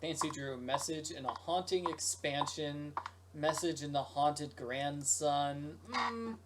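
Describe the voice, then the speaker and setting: A man's voice: a little high, slow, very noisy. A man giving playful let's play commentary, joking and breaking into silly sung rhymes. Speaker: video game streamer. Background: game music.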